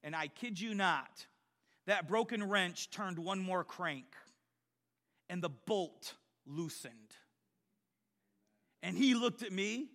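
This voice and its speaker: A middle-aged man preaching a sermon, telling personal stories and swinging from quiet storytelling to loud exhortation. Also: high voice, lively intonation, slow pace, pauses often. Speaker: pastor.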